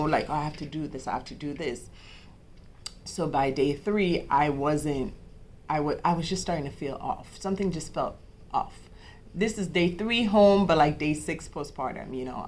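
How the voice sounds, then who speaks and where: A young adult woman, a podcast host, casually telling her own birth story with many fillers and restarts, acting out the conversations she had. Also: low-pitched.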